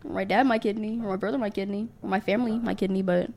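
A woman's voice: mid-range voice, steady tone, rapid-fire, gravelly, a little mellow. A woman co-hosting a casual podcast who talks loosely with lots of "like" and "um" and jokes about herself. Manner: chatty, filler-heavy, self-deprecating. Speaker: podcast co-host. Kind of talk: casual chat.

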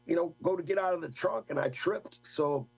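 An older man, a guest, telling a rambling, animated story in casual talk. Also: on the high side, fairly quick, creaky, breathy edge, highs cut off. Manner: rambling, animated anecdote with laughs.

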